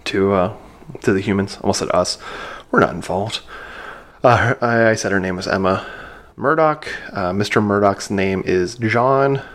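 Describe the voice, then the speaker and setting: Male podcast co-host, low pitch, rambling trivia talker who corrects himself often. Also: normal speed, fairly bright tone. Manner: rambling, many fillers, self-correcting, laughs easily. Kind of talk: casual chat about a film.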